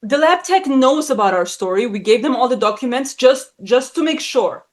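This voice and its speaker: A woman in her thirties with a fairly high voice tells a story in a blunt, animated way. She swears freely and jumps up and down in pitch to act out the people she quotes. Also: moderate pace. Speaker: guest. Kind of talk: casual chat.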